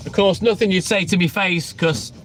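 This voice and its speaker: During a casual live stream, a late-thirties man with a high, slightly bright voice says hello to viewers and swears harshly at a heckler. Blunt and foul-mouthed, he trash-talks at a moderate pace over a faint hiss or hum.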